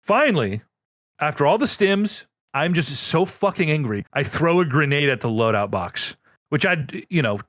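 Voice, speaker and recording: Lively animated man telling gaming stories. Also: on the high side, moderate pace, no room sound, clean studio sound. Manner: animated storyteller, swears freely. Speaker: podcast co-host. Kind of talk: casual gaming podcast chat.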